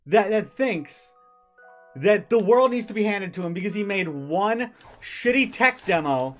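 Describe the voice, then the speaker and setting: A man's voice: high-pitched, lively intonation, a little slow, faint music behind. A male streamer ranting angrily and profanely, stumbling over his words and restarting. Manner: heated, profane, stammering restarts. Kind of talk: angry ranting commentary.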